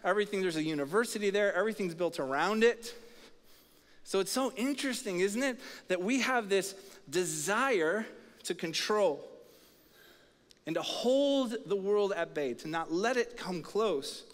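A high-pitched male pastor delivers an energetic sermon and pulls the congregation into call-and-response. His voice rings out through a large church auditorium with a long reverb tail. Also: unhurried.

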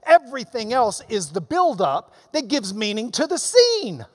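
A man teaching a Bible class, answering questions in an emphatic, animated lecture that swings between loud and soft. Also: very high voice, measured pace, in a large hall.

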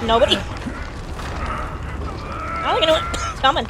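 A woman's voice: high-pitched, a little slow, pauses often, noisy background. A woman giving casual, jokey commentary while streaming a video game, talking to the characters on screen. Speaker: gameplay streamer.

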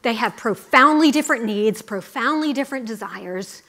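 A middle-aged woman giving a chatty, brisk speech to a student audience, full of asides. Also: fairly high pitch, lively intonation, fairly bright tone. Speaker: conference speaker.

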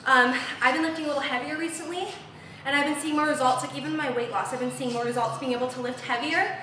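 Fast and steady in tone, her voice sits high and comes across pushed and bright, over slight background noise. The speaker, a young female fitness instructor, coaches a live workout upbeat, cheering through the reps while out of breath, on a large, empty home gym floor. The recording echoes, mic far off.

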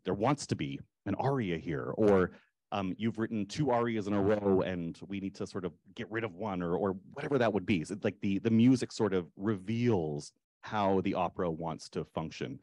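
A man with a lowish voice speaks at a public panel about his writing. He halts often and starts sentences over, filling gaps with ums. The sound is close and dry, with no room around it. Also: warm tone, no room sound. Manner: halting, many fillers and restarts. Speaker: librettist. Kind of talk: panel discussion.

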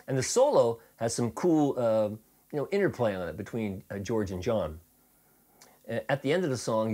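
A man teaching a rock guitar lesson in a relaxed, chatty way, with fillers and restarts, playing along on guitar. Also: fairly low pitch.

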